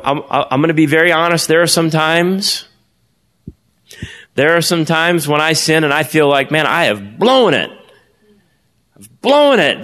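Male pastor, slightly higher voice, emphatic call-and-response sermon, long church-hall reverb. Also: fairly bright tone. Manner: emphatic preaching with call-and-response questions, swinging pitch.

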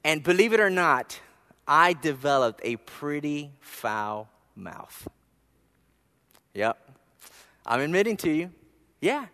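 A man preaching a sermon, telling a personal story, with soft asides and emphatic rises. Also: fairly high pitch, big pitch swings, slow, long pauses, long reverb tail. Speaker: pastor.

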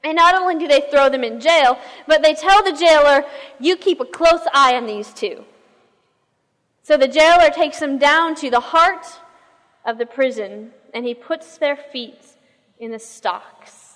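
A woman pastor telling a story in a sermon, in a lively conversational way, asking the listeners questions. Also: high voice, a little slow, in a large hall.

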